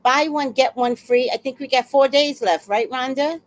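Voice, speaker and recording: A woman in her sixties telling a story on a casual livestream, blunt and fiery, with sudden loud outbursts. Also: high-pitched, normal speed. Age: 60s.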